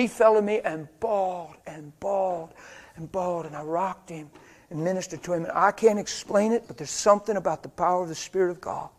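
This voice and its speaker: Older man preaching, hushed to fervent. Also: high voice, fairly quick. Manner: swings from hushed whispers to loud, fervent preaching. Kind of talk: storytelling sermon. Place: church or meeting hall before a live audience.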